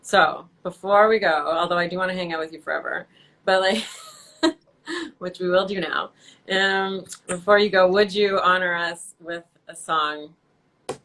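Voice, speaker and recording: A woman hosting a casual livestream interview, effusive and enthusiastic, quick to laugh, heard over a video call. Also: fairly low pitch, fairly bright tone. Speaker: host.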